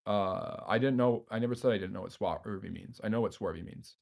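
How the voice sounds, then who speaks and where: A man's voice: fairly low pitch, fairly quick, creaky, darkish tone. A man hosting a history live stream, reading viewers' chat messages aloud and answering them off the cuff with frequent fillers. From United States.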